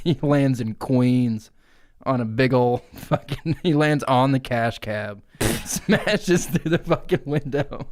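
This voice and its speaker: A man co-hosting a comedy podcast, telling an improvised crude story with laughter and lively swearing. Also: medium pitch, smooth. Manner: crude, laughing, animated riffing. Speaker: podcast co-host.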